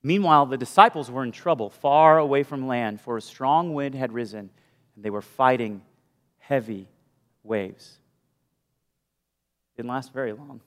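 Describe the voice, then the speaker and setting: A male pastor preaching a sermon with animated storytelling, moving from loud bursts to hushed asides. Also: medium pitch, a little slow, long pauses. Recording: long hall reverb.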